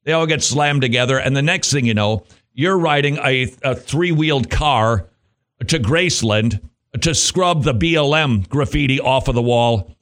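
A man hosting a Christian talk radio show, delivering a jokey, animated monologue with frequent laughs and playful asides. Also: medium pitch, normal speed.

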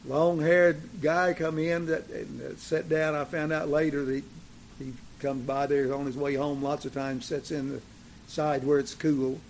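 A gravelly, fairly high-voiced man preaching. He climbs into loud, emphatic declarations and then settles back into homespun anecdotes. Faint noise hums behind him. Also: little pitch movement, measured pace. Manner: rises to emphatic declarations, then drops to folksy storytelling. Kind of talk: sermon.

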